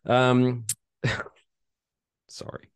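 A man from England co-hosting a comedy podcast, telling stories in a lively, jokey way and slipping into silly voices. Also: mid-range voice, very slow, clean tone. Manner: animated, slips into silly put-on voices. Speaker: podcast co-host. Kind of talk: comedic storytelling chat.

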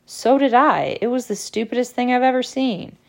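A woman's voice: fairly high pitch, expressive, moderate pace, gravelly, pitched above the performer's own voice. A woman voicing a plain-spoken, blunt teenage boy wizard.

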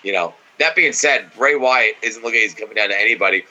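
A man's voice: lowish voice, fast talker, bright, forceful tone, dull audio. A man co-hosting a casual podcast, watching wrestling and giving blunt, opinionated takes full of swearing. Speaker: podcast co-host.

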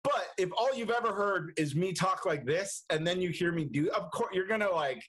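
A man's voice: high-pitched, expressive, moderate pace, few pauses, a bit bright, husky, low-quality recording. A young man, a movie reviewer chatting casually as a guest, laughing often and restarting his sentences. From United States. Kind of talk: casual interview chat.

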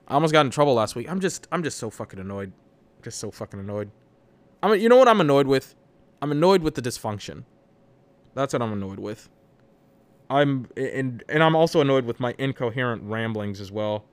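Speaking at a normal speed with a medium-pitched, lively voice, a young podcast host goes on a solo rant about his job. He's profane, fed up, and rambling, captured on a dry recording.

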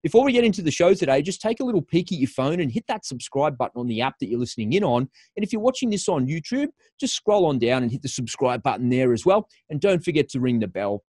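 A man hosts a podcast, upbeat and lively, selling the show before chatting with his guest. His voice sits mid-range. The sound is dry and close, with no room around it. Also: mid-range voice, no echo. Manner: upbeat, lively, promo-style. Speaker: podcast host. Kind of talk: podcast intro and interview.

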